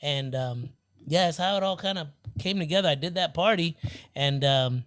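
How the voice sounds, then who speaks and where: A man with a slightly high voice tells animated stories, slipping into the voices of the people in them. He keeps it loose and chatty, calling his friends "bro" as he goes. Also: normal speed. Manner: animated storyteller acting out quoted voices, says "bro" often. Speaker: guest DJ. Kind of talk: casual storytelling chat. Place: nightclub.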